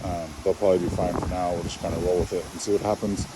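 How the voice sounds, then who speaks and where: A man's voice: low-pitched, little pitch movement, fast talker. A man casually talking through a woodworking project on his homestead, thinking aloud as he goes. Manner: easygoing, thinking aloud while working. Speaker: homestead vlogger. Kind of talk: casual vlog talk. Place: outdoors on a rural homestead. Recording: loud outdoor background noise.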